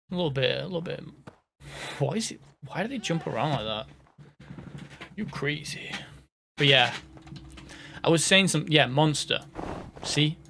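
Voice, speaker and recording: A man's voice: on the high side, creaky, background noise. A man from the UK rambling through casual gameplay commentary, jokey and self-mocking, sometimes sinking to a whisper. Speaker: gaming host.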